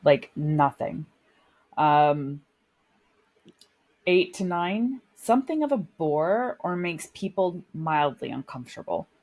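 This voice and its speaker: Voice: mid-range voice, big pitch swings, takes it slowly, darkish tone. Rambling, self-mocking podcast co-host. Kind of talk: casual chat.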